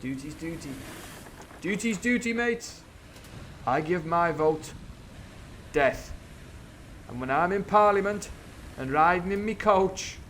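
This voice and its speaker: A ruthless pirate cook, rough and growling, with a burr, done by a man reading a storybook aloud. The voice sits a little higher than most men's, with a faint hiss under it. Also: fairly bright tone.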